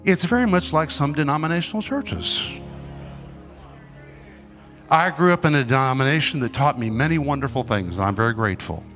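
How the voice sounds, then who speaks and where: A man preaching a sermon with emphatic, dramatic delivery, pausing and swinging between loud and soft. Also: mid-range voice, animated, soft background music.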